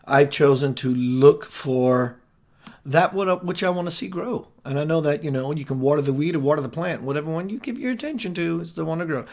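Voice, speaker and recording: Earnest man with a slightly high voice. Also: a little fast, darkish tone. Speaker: radio show host. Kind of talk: casual spiritual talk.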